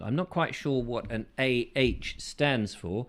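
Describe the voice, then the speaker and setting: A man hosting a casual chat show, reading out viewer comments with playful, silly asides and sudden falsetto bursts. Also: moderate pace, few pauses.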